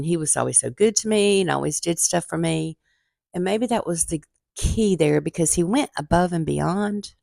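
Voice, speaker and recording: A woman's voice: fairly low pitch, gravelly, a little mellow, no room sound, studio quality. A woman, candidly and earnestly telling her own story in a casual vlog. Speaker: vlogger.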